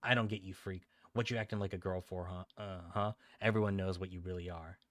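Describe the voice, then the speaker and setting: A man's voice: deep voice, fairly even intonation, fairly quick, dry recording, studio quality, close to an everyday voice. Man doing a taunting, cruel bully boy. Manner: taunting, mocking. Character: sneering village bully boy, cruel and boastful.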